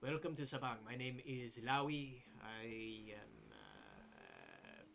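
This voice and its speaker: A man's voice: medium pitch, big pitch swings, takes it slowly, creaky, faint music behind, exaggerated voice. A man voicing an older, hunched village caretaker woman who speaks in a wary, stern, hesitant way.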